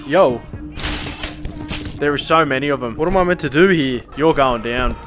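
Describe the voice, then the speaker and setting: A man's voice: medium pitch, moderate pace. A young man playing a horror game, swearing and yelping with fright as he talks over it. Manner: swearing, yelping and shrieking at jump scares. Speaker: gaming YouTuber. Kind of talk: horror game playthrough commentary. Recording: game music loud behind the voice.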